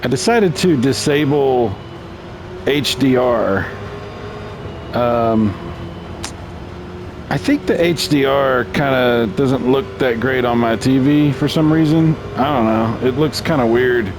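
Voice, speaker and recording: A man hosting a casual let's-play video, chatting through a racing game in a relaxed, self-mocking way. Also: medium pitch, slow, pauses often, noisy background. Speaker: gaming channel host.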